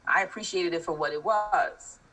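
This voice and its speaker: A woman's voice: on the low side, normal speed, sharp tone, low-quality recording. A woman with a soothing voice co-hosting a casual podcast chat, giving frank, blunt commentary. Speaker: co-host.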